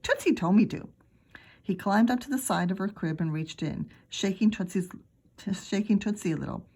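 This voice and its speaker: A middle-aged woman teacher reading a children's book aloud with expressive, chatty asides. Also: mid-range voice, a little fast, husky. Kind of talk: read-aloud storytelling for children.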